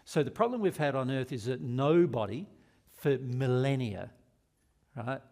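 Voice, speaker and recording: A man's voice: mid-range voice, lively intonation, a little slow, darkish tone. A man with an Australian accent giving a spiritual seminar, earnest and asking the audience rhetorical questions. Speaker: spiritual teacher.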